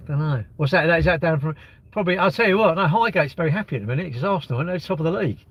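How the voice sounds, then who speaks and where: A man's voice: on the high side, expressive, fast, dull audio. Blunt man on a live stream. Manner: blunt, mocking, reads chat aloud. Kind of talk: casual live-stream chat.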